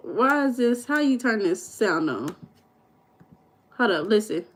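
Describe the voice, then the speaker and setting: A woman's voice: on the high side, lively intonation, a little slow. A woman coach hosting a livestream, speaking in in a playful, teasing way and repeating her questions to viewers in the chat. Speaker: life coach and livestream host.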